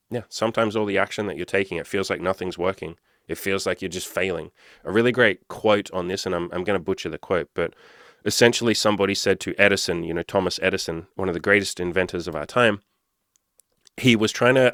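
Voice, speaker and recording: A man speaking in a low, dry voice, recorded close with almost no room sound. He talks like a blunt coach in a casual Q&A, cursing often and acting out the people he quotes. The delivery is unpolished and direct. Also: brisk, fairly bright tone, no room sound. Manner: blunt, swears freely, acts out quoted people. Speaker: dating and self-improvement coach. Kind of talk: casual motivational Q&A monologue.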